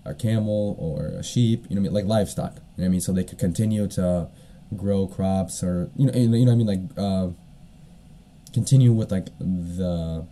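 A man's voice: low voice, moderate pace, warm tone, a little hiss or hum. A man hosting a solo podcast, retelling a story in a casual, rambling way with lots of fillers and the odd cough. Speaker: podcast host.

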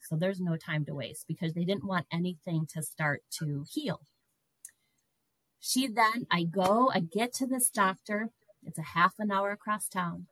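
A middle-aged woman guest telling a personal story in an animated way, breaking into laughter. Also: on the low side, no room sound, rough recording.

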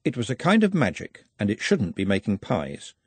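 A man narrating a comic novel aloud in an expressive storytelling manner. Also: fairly low pitch, moderate pace, husky, no echo. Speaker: audiobook narrator. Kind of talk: scripted narration.

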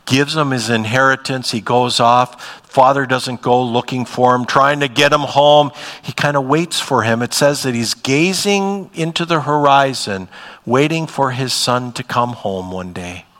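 A man preaching a church sermon in a conversational way, moving between emphatic bursts and hushed, soft passages. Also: medium pitch, a little slow, in a large hall. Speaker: pastor. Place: church sanctuary.

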